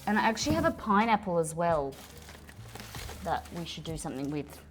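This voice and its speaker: Lively Australian woman chatting on stream. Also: lowish voice, fairly quick, a little hiss or hum. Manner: chatty, excitable, talks to chat. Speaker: livestream cooking host. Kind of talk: casual livestream chat.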